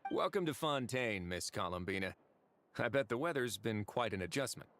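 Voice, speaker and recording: A man's voice: lowish voice, lively intonation, moderate pace, a bit bright. An actor voicing a wry, laid-back male prison warden in a video game, speaking in a dry, amused drawl. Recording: game audio over music.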